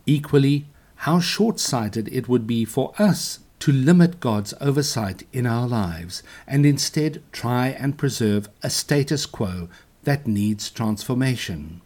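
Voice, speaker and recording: A man preaching a sermon in a measured, earnest way, ending in a prayer. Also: medium pitch, animated, darkish tone. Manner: measured, earnest preaching with slow emphatic questions. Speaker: pastor.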